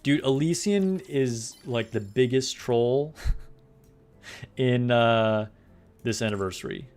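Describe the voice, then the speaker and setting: A young man chatting casually with his live-stream chat while playing a game, relaxed and quick to laugh. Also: mid-range voice. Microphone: desk microphone.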